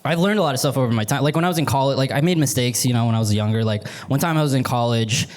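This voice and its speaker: A man's voice: medium pitch, very fast. A young man from Vancouver doing a stand-up set in a rambling, sheepish way, full of "like" and "you know". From Canada, Vancouver. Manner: rambling, filler-heavy, sheepish. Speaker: stand-up comedian. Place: comedy theater stage. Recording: live club with audience laughter.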